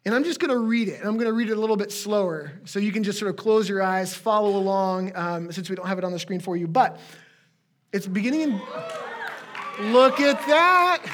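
A man's voice: sits high, fast, darkish tone, a little hiss or hum. A man preaching a conversational sermon as a pastor to his congregation, with friendly asides.

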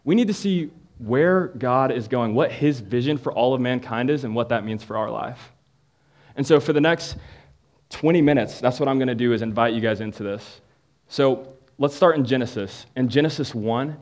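A man's voice: medium pitch, darkish tone. A young man telling a playful comic story as a youth speaker before shifting into a sermon for a live audience.

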